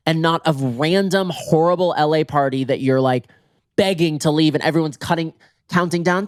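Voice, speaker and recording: A man hosting a podcast in a comic monologue, theatrical and swinging his pitch for emphasis, slightly hoarse from being sick, recorded in bed at home. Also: moderate pace, no echo, clean studio sound. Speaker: podcast host.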